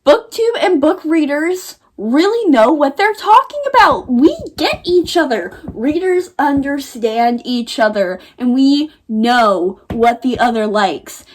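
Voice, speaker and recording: A young woman from the United States talking to camera in a casual book vlog, dramatic and exasperated. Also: a little high. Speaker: book vlogger.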